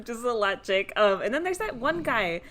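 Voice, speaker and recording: A woman's voice: fairly high pitch, sing-song, fairly quick, fairly bright tone. Giggly woman co-hosting a cartoon podcast. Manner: giggly, acts out characters' lines. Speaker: podcast co-host. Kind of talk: casual chat recapping a cartoon episode.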